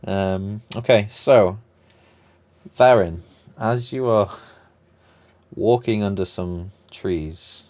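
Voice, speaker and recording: A man running a tabletop game as dungeon master, narrating slowly with many pauses and fillers. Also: lowish voice, a little mellow. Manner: slow, halting narration with many ums, laughs often.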